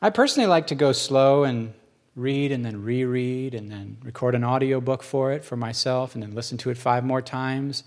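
A man's voice: medium pitch, moderate pace, a little mellow. A man teaching in church in an earnest, conversational sermon style, telling stories with animation.

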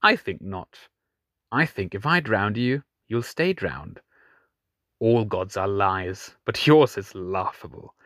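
A man voicing a mocking, cruel male pirate king who taunts slowly and slyly, with sudden high mocking lifts. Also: animated, a bit bright, no echo, studio quality. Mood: taunting.

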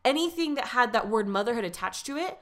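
A woman's voice: fairly high pitch, animated, fast talker. A woman in her thirties hosting a podcast, telling a personal story in a candid, chatty way that often breaks off mid-thought. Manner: candid, chatty, self-interrupting. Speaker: podcast host.

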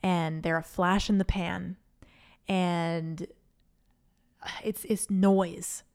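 A woman speaks extremely slowly and flatly into a studio microphone, hosting her own podcast as an earnest, faith-filled, rambling solo reflection with no script. Her voice is on the low side and a little mellow.

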